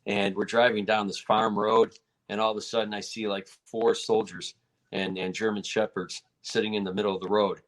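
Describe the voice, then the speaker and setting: A man with a fairly low voice tells a story in a relaxed interview. He talks casually and animatedly, and his pitch jumps when he acts out what people said. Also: moderate pace. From United States. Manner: animated, acts out quotes in a raised voice. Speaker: martial arts federation president, guest.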